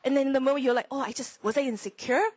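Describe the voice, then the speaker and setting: A young woman teaching a Bible lesson in a relaxed, conversational way, acting out inner thoughts and whispering verses. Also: high voice, rapid-fire, dry recording, rough recording. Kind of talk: sermon-style teaching.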